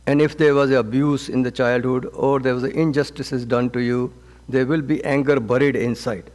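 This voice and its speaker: A man as a swami teaching a scripture class, speaking gently and haltingly with frequent restarts and repeated words. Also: medium pitch, fairly even intonation. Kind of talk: spoken scripture class with counseling advice. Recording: long reverb of a hall.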